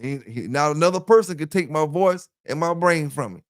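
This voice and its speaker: Rambling casually to his audience, a man hosts a livestream for a dog kennel channel through a headset with earphones. He talks briskly in a fairly high voice. The audio is dry and studio quality.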